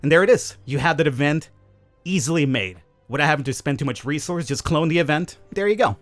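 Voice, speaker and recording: A man's voice: a little high, animated, fairly quick, no echo, soft background music. A man hosting a gaming channel, answering viewer questions in casual, chatty commentary with opinionated, wry asides. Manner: chatty, opinionated, self-aware cynical asides.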